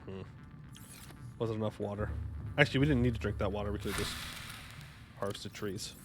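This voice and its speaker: A man's voice: on the low side, a little fast, music in the background. A young man streaming a game live, joking, rambling and bantering with his chat in a casual way. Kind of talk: casual gaming livestream commentary.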